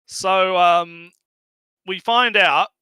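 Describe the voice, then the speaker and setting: A man co-hosting a casual anime discussion stream, excitable, laughing often and restarting his sentences. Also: high voice, drawn-out words, smooth, dry recording. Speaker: stream co-host.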